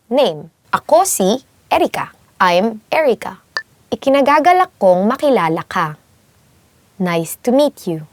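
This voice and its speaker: A young woman from the Philippines teaches everyday phrases in a patient, playful way, acting out little scenes to explain them. Her voice sits a little high. The recording is close and dry, with no room sound. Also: no echo. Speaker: language teacher. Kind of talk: friendly language lesson.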